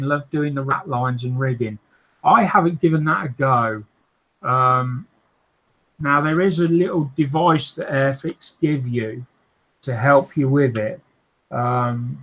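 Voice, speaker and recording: A man hosts a relaxed livestream, taking his time as he reads out viewer comments. His talk is full of fillers and small restarts, and he often breaks into laughter. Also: mid-range voice, poor audio. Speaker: host of a modelling livestream. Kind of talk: casual chat, reading out viewer comments.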